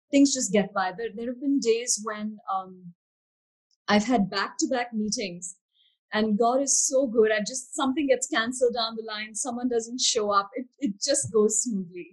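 A woman's voice: a little high, husky, poor audio. A woman architect and curator answering interview questions over a video call in an earnest, reflective way. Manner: earnest, reflective, speaks of faith. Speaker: architect and curator, panel guest.

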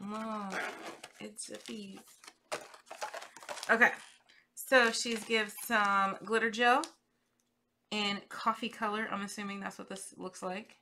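A woman hosting a crafting channel, chatting casually and gushing excitedly as she unboxes gifts at her desk. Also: mid-range voice. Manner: gushing, excitable, squeals over cute items. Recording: clear background noise, paper crinkling.

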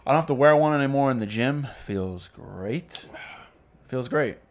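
A man co-hosting a relaxed podcast chat, tossing in short wisecracks. His voice sits at a middle pitch but swings up and down a lot as he talks. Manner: joking, quick quips. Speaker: podcast co-host. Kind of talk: casual chat.

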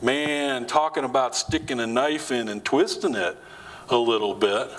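In an unhurried, slightly bright voice, a pastor talks conversationally through a church sermon. He puts questions to the congregation and performs quoted lines, his pitch climbing as he does. The recording is rough.

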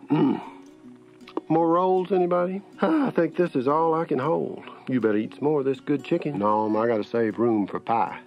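A man putting on chattering Southern supper relatives. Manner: folksy, overlapping table chatter, raised falsetto pitch. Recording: slightly muffled, faint music.

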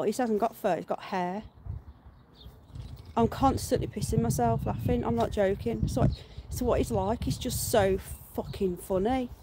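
Chatty British woman, slightly high voice. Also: warm tone, a little hiss or hum. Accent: British English. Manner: chatty, laughing, swears freely. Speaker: live-stream host. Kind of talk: casual live-stream chat. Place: back garden outdoors.

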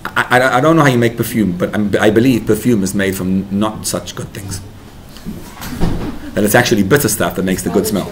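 Rabbi guy teaching parents, lowish voice, gets real emphatic, bit of hiss behind. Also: fairly quick. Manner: animated, builds to emphatic bursts. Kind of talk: Torah class for parents.

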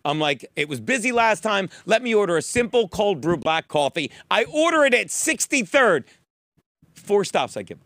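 Bright, high-voiced New man ranting. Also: moderate pace, no room sound. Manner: profane, animated storytelling. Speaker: podcast co-host. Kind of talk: comedic rant, casual chat. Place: studio booth.

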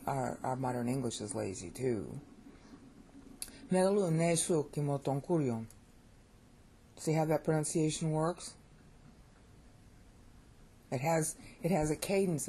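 An American woman with a low, mellow voice talks through a pronunciation lesson in a loose, opinionated way. She often restarts and repeats words as she works out her point. A faint hiss sits under the recording. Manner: opinionated, repeats words while thinking aloud. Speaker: language teacher.

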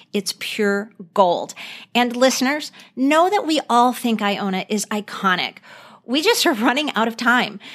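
A woman's voice: medium pitch, fairly bright tone, dry recording. A middle-aged woman co-hosting a podcast in casual chat, talking with many ums and acting out movie quotes. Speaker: podcast co-host.

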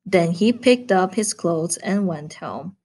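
A woman teacher reading a picture book aloud to children, animated and adding chatty asides. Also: fairly low pitch, slow, breathy edge.

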